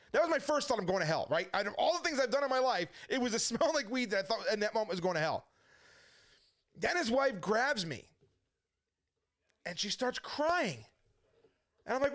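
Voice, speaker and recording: A man's voice: high voice, expressive, fairly quick, fairly bright tone. A middle-aged man telling his personal testimony as a story, acting out the voices of the people he quotes. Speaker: testimony speaker.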